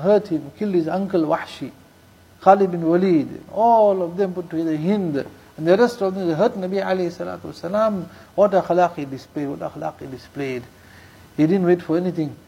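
A man's voice: sits high, warm tone, husky, muffled recording. A man preaching a sermon, telling stories and mixing Urdu and Arabic religious terms into English, repeating key lines for emphasis. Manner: recites Quranic verses rapidly in Arabic. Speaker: Islamic preacher.

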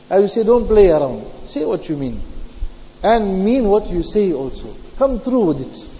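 Guy preaching a sermon, high but mellow voice, keeps repeating key lines, arabic words mixed in, dull lo-fi echoey hall sound. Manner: repeats key phrases, mixes Arabic terms into English. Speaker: Islamic preacher. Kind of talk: sermon explaining Quranic commentary.

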